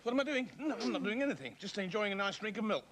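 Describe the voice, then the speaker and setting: A man presenting a comic children's puppet show, bossy, boastful and excitable. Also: sits high, racing, slight background noise.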